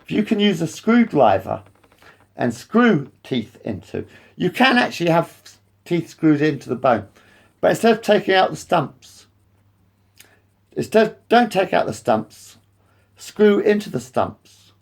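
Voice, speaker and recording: Man, ranting to camera, profane and rambling, higher voice with wide swings. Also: big pitch swings, unhurried, long pauses, breathy edge. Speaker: vlogger.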